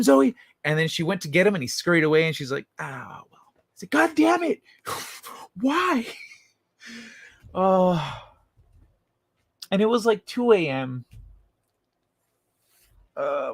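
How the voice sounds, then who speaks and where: A man's voice: mid-range voice, creaky, no echo. A man hosting a casual late-night livestream, reading chat messages aloud and answering them in a loose, profane way. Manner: loose and profane, swears freely. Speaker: livestream host.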